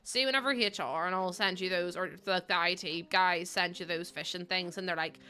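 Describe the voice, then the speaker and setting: A young Northern Irish woman streams a building game while chatting casually and telling funny stories, swearing and laughing often. Her voice is lowish, pushed, bright and smooth, and she talks quickly with few pauses.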